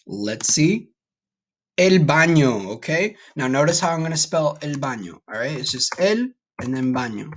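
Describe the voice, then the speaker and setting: A man's voice: on the high side, expressive, normal speed. A man teaching a recorded Spanish vocabulary lesson, patient and encouraging, often checking in with "okay?".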